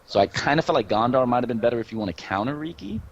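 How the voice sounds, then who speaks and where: A man's voice: medium pitch, expressive, rapid-fire. A man commentating an esports draft, confident and opinionated, talking in long run-on stretches. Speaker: game caster. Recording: dull, slightly lo-fi mic with faint background hum.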